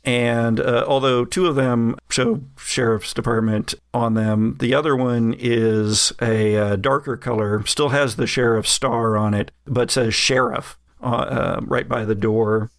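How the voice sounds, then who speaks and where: A man's voice: medium pitch, steady tone, unhurried, hardly any pauses, no room sound, clean studio sound. A man narrating as game master in a casual actual-play audio drama, loose and full of hesitations. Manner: loose, hesitant with many uhs.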